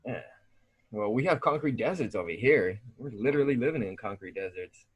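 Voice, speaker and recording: Young Southern Californian man, podcast guest, husky voice, lively pitch, laid-back slang. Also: fairly quick, dull audio. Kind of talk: casual conversation.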